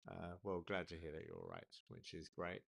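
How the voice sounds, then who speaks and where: A man's voice: low-pitched, very animated, normal speed, vocal fry, a bit bright. An Englishman co-hosting a casual live stream from home, greeting viewers and chatting, with many restarts. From England.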